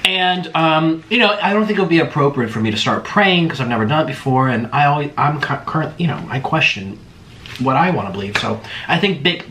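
A man hosting a mukbang eating show, chatting casually and excitedly to his viewers. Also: brisk. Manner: hyper and excitable, swooping pitch. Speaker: mukbang host. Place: home in Florida. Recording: echoey room, faint noise.

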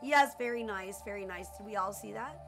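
A woman casually commenting on her own gameplay, excitable and full of exclamations, often laughing. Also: mid-range voice, a little fast, over music. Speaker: gameplay streamer. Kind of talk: casual let's-play commentary.

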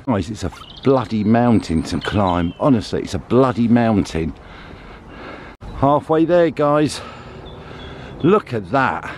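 A man's voice: medium pitch, expressive, takes it slowly, a little mellow, slight background noise. A man vlogging casually as he walks and climbs outdoors, chatty and joking about being out of breath. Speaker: family vlogger. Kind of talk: casual vlog narration while walking. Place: outdoors in a town and on clifftops.

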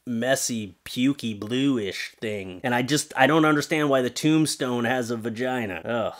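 A man's voice: mid-range voice, unhurried. A man doing comedic commentary on pictures, sarcastic and wisecracking, swearing casually as he roasts what he sees. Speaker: YouTube commentator.

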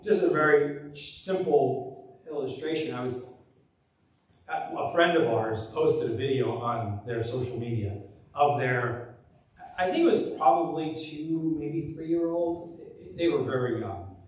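A man's voice: on the high side, expressive, takes it slowly, darkish tone, recorded from a distance. A man preaching a conversational sermon as pastor, often restarting and repeating words. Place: church sanctuary. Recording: very echoey church live stream from afar.

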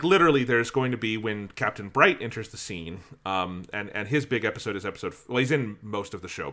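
A man co-hosting a podcast in casual chat, talking in a measured, analytical way. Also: lowish voice, pushed and bright. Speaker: podcast co-host.

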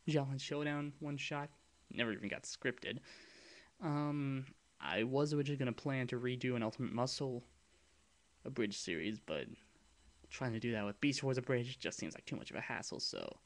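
A man with a deep voice talking in a casual vlog, rambling and hesitant, with frequent ums and restarts as he explains his project plans. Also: fairly bright tone. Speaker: vlogger and abridged-series creator.

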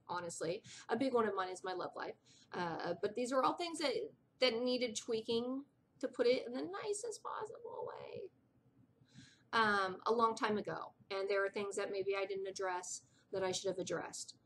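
A woman's voice: medium pitch, slight background noise. A middle-aged woman vlogging in a rambling, chatty way who drops to a whisper for asides. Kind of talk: casual chat.

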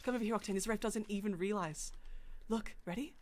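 A woman giving excitable, frantic gameplay commentary, often breaking into laughs. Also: mid-range voice, fairly quick, heavy background noise. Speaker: gaming video creator. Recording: gunfire and game sounds behind voice. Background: game gunfire and effects.

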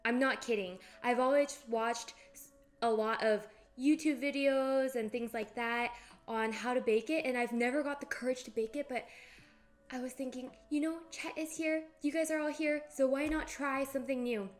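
A bubbly young woman streaming live, chatting casually and giggling as she greets her viewers by name. Her voice sits high and light, and she talks into a desk mic. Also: steady tone, normal speed, soft background music. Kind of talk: casual live-stream chat while cooking.

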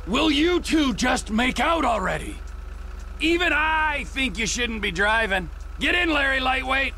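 An actor playing a volatile, foul-mouthed middle-aged criminal with a gravelly, menacing manner in a video game. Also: male voice, extremely high pitch, lively intonation, a little slow, pushed and bright, slight background noise, full character voice. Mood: mocking. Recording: game audio under music.

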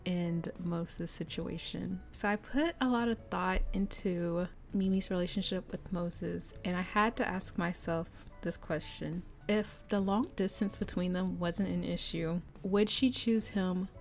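A young woman giving casual, chatty commentary on her life-sim game, prone to excited, gushing asides. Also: on the low side, measured pace, hardly any pauses, faint music behind. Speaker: gameplay commentator.

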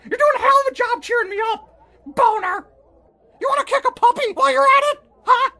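A man voicing a neurotic, foul-mouthed male turkey puppet with a shrill, nasal, high-pitched voice. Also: big pitch swings, slow pace, full character voice. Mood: outraged. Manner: melodramatic, swearing, swings to shouting. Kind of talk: puppet comedy sketch.

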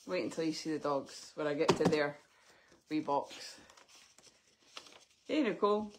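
Woman, teary, soft-spoken, lowish voice, live unboxing chat. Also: a little slow, heavy background noise. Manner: tearful, soft-spoken, sniffly. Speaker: vlogger opening parcels.

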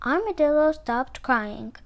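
A woman reading a children's picture book aloud in an expressive, sing-song way. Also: high voice, measured pace. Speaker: storyteller.

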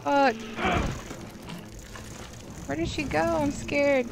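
A woman's voice: sits high, fairly even intonation, drawn-out words, creaky, noisy background. A young woman commenting on a horror game as she plays, swearing freely and shrieking when startled. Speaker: let's play gamer. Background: game music.

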